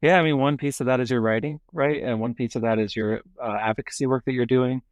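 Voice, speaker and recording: A man's voice: mid-range voice, steady tone, quick pace, no echo, muffled recording. A man from South Carolina with a Southern accent, hosting an interview in an easygoing, thoughtful way. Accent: Southern American. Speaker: podcast host. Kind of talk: casual interview conversation.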